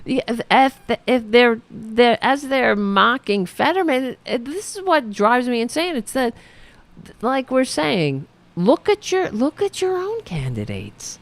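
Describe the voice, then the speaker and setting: A woman's voice: fairly high pitch, big pitch swings, slow, no echo. A woman hosting a political podcast, talking in a casual, exasperated, rambling way and swearing freely. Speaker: podcast host.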